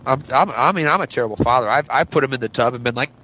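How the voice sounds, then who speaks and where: A man's voice: mid-range voice, rapid-fire, rough recording. Man telling stories in a casual podcast. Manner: animated, does loud voices when quoting people. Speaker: podcast co-host, father. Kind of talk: casual storytelling chat.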